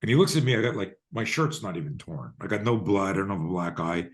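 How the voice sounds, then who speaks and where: A man in his sixties, a guest on a video call, telling a personal story in a lively way and swearing freely. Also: sits low, quick pace. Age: 60s. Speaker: guest, self-defense expert.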